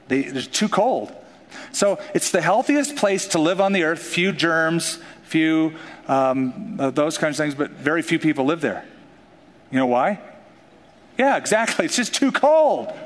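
A man preaching a sermon in an animated, joking way, acting out the voices of the people in his stories. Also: a little high. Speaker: pastor. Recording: long hall reverb.

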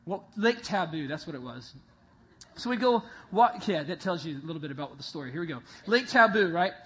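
A man preaching to a group, telling a vivid, animated story that builds toward a Bible lesson. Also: a little high, fairly quick, breathy edge. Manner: animated storyteller, acts out voices and sounds. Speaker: youth pastor. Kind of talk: sermon with a told story. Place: meeting room with a live group.

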